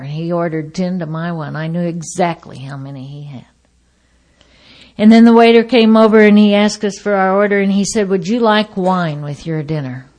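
A woman sharing her personal recovery story at a meeting, acting out the voices of the people in it and swinging between loud outbursts and hushed asides. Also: mid-range voice.

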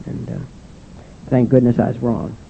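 An older man giving a personal testimony speech about his recovery, halting and restarting often with "and, uh". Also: mid-range voice, flat delivery, creaky, slight background noise. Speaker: speaker sharing his recovery story. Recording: dull lo-fi recording.

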